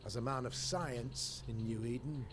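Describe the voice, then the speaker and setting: An actor playing a pompous middle-aged colonial governor who speaks in a formal, long-winded, courtly way, heard as game audio over ambient noise. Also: male voice, medium pitch, moderate pace, natural voice. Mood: stately.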